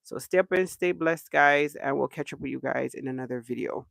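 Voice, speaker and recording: A man's voice: medium pitch, a little fast, gravelly, fairly bright tone, no echo. A man hosting a livestream, ranting in a casual, exasperated and emphatic way, often repeating himself. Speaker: livestream host.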